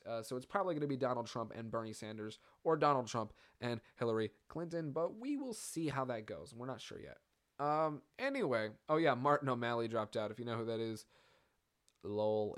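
A young man hosting a casual solo podcast, rambling and profane with lots of fillers and asides. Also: medium pitch. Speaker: podcast host.

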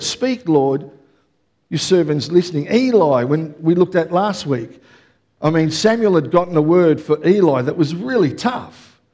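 A middle-aged man preaching a conversational sermon, often checking in with the congregation. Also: fairly high pitch. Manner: energetic, conversational preaching with audience check-ins. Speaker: pastor.

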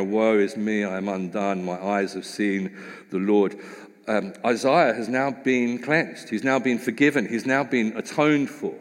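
A man preaching a sermon, earnestly reading scripture aloud and then expounding on it with rising emphasis. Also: medium pitch. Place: church hall. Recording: long hall reverb.

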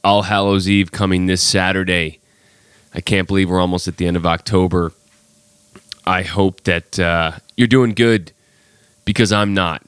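A man's voice: low-pitched, fairly even intonation, moderate pace, a bit bright, clean tone, no echo, studio quality. A man hosting a casual podcast, sick with a cold, telling his story in a chatty, exasperated way. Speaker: podcast host.

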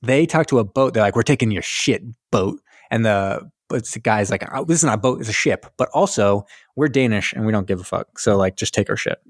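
Animated, swearing man recapping a film. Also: lowish voice, fairly quick, few pauses, no echo, clean studio sound. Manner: animated storytelling, acts out lines, swears and laughs. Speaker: podcast co-host. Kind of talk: casual chat recapping a film.

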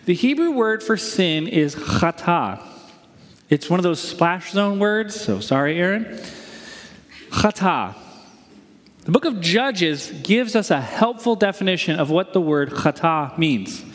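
A man's voice: high voice, big pitch swings, measured pace. A male pastor preaching a sermon in a conversational way, posing rhetorical questions to his congregation. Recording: long reverb of a large hall.

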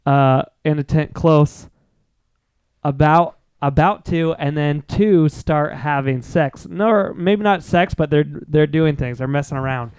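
A young man with a high, smooth voice tells a messy camping story to friends, swearing freely and acting out the lines of everyone involved. The sound is close and dry. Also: unhurried, dry recording. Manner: swearing, animated retelling. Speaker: podcast co-host. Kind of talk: casual storytelling chat.

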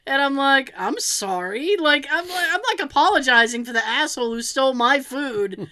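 A woman's voice: high-pitched, a little fast. A woman telling a funny story in casual chat, acting out what others said and laughing often. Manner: animated, acts out quotes of others, laughs often.

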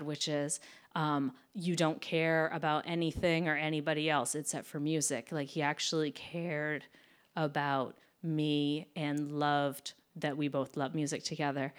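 A woman in her thirties telling a personal story, lively and laughing, acting out quoted lines and dropping to a whisper for other people's words. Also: low-pitched, clean tone.

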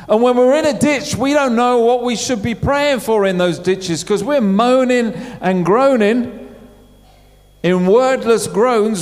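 A middle-aged man with a very high-pitched voice preaches at a measured pace, speaking conversationally and asking the congregation questions. The church hall gives the recording a long reverb.

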